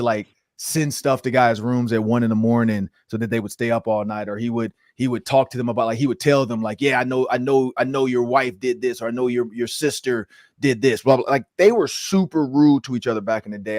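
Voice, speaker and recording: Animated man hosting a sports chat. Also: medium pitch, no echo, clean studio sound. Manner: animated, laughs often, lots of "like" fillers. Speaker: podcast host. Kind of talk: casual sports roundtable chat.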